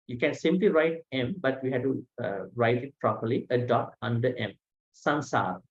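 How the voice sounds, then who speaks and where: A man teaching a language lesson online, saying each sound slowly and patiently, with frequent pauses. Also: medium pitch, husky. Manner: slow, patient, pronounces sounds one by one with many "uh" pauses. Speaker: Pali teacher. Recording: dull lo-fi audio.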